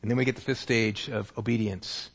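A man's voice: lowish voice, a little fast, slightly rough. A male pastor preaching a sermon, telling a story vividly and acting out its scenes. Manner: animated storytelling, acts out scenes.

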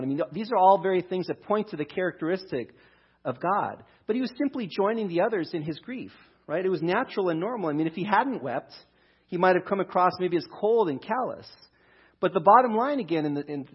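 Husky man preaching a sermon. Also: a little high, lo-fi sound. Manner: conversational, restarts, reads scripture aloud. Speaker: pastor.

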